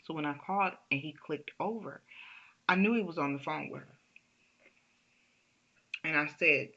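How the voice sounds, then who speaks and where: A woman vlogger telling a personal story in a casual, animated, emphatic way, often restarting her sentences. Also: low voice, moderate pace, pauses often, muffled recording.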